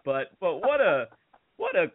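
A man's voice: sits high, unhurried, dry recording. A man hosting a comedy talk show, telling a story in casual chat and laughing as he goes. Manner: laughing storyteller, swears, lively delivery. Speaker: radio show host. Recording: dry phone-like audio.

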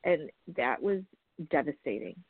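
A woman's voice: low-pitched, animated, unhurried, no echo. A woman in her forties, a guest advocate, telling her story frankly and with animation in a podcast interview. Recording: phone-line audio.

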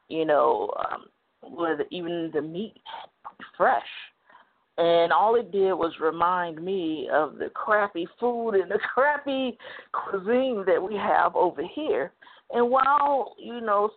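Midwest-raised woman hosting a call-in talk show; rambling, filler-heavy storyteller; thin phone-quality audio. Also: on the low side. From Midwest United States. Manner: chatty, digressive, many "you know" fillers. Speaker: talk radio host. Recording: phone-like narrow band.

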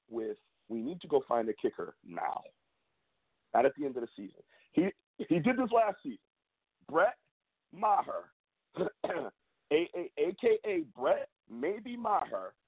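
A young man hosting his own sports show, venting in a fired-up, repetitive way with big jumps in pitch. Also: breathy edge. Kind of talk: fan rant and commentary. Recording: tinny phone-like audio.

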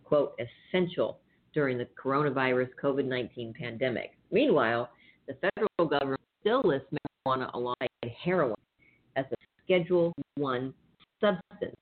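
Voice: medium pitch, lively intonation, moderate pace. Host riffing on news over tinny line. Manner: reads news then riffs on it, swearing and laughing. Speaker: radio show host. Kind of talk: casual news commentary. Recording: tinny phone-like sound.

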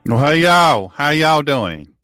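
A man's voice: on the high side, sing-song, slow pace, a bit bright, faint music behind. A male radio show host and pastor, talking in a folksy, sarcastic monologue with a joking mock-drawl.

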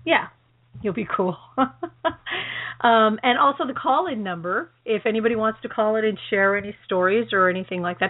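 A woman's voice: mid-range voice, moderate pace. Chatty woman on a thin phone line. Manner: chatty and excitable, laughs often. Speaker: co-host of a call-in internet radio show. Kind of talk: casual chat. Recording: phone-like band-limited audio.

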